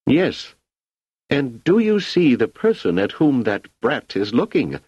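Man voicing an agitated emperor, imperious, demanding, pitched up high, dry muffled audiobook sound. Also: big pitch swings, slow pace, husky, no room sound, heavily acted. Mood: indignant. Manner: shouting, demanding, indignant. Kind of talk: audiobook character voice. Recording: slightly muffled lo-fi recording.

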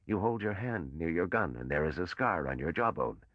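An older man's voice, played by a man, as a bitter and weary old patrician who speaks slowly. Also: low-pitched, lively intonation, no echo, dull audio.

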